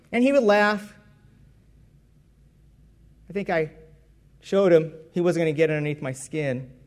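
A man's voice: sits high, a little mellow. A man preaching a personal testimony sermon, telling his story in a conversational way and correcting himself as he goes.

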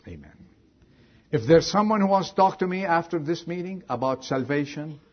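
A man preaching a sermon as pastor, moving from loud exhortation to a hushed prayer. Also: a little high, fairly quick, lo-fi sound.

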